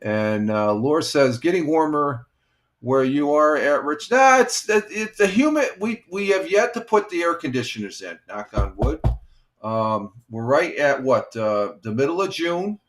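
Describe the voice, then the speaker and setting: A man's voice: on the high side, lively intonation, a little slow, slight background noise. Rambling retired man in his sixties. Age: 60s. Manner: rambling, easygoing, many fillers and restarts. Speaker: live-stream host, retired firefighter. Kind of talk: casual morning chat with viewers.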